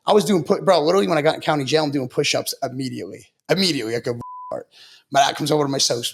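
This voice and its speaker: A man's voice: a little high, fast talker, vocal fry, slightly rough. A man from Long Island, a podcast guest, telling his story in a blunt, profane, casual way and saying "bro" a lot. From Long Island, New York.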